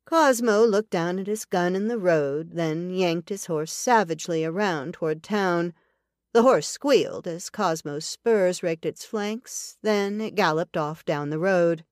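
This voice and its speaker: A woman narrating a western novel as an audiobook in an even, deliberate storytelling manner. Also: fairly low pitch, no echo, studio quality.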